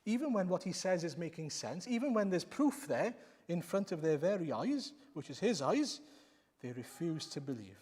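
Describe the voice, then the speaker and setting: Man, preacher, sermon, emphatic, rhetorical, higher pitch, long echo. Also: big pitch swings, moderate pace, darkish tone, slightly rough. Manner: emphatic, rhetorical questions, repeats lines. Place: church. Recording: long reverb of a church hall.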